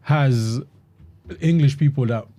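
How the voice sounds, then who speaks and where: A man talking casually in a group discussion, animated, often repeating and restarting words. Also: mid-range voice, slow pace. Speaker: host. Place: London.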